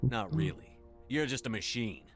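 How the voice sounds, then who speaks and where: A man's voice: mid-range voice, expressive, normal speed, faint music behind, lightly acted. An actor playing a defiant male commander in a video game, putting firm, challenging questions.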